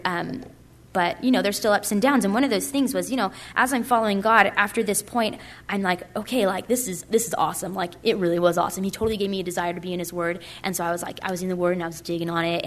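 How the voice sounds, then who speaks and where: Young woman, lowish voice, casual chatty testimony, lots of fillers. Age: young adult. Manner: casual, chatty, many likes and ums, animated quoting. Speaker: speaker at a purity conference. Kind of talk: personal testimony talk.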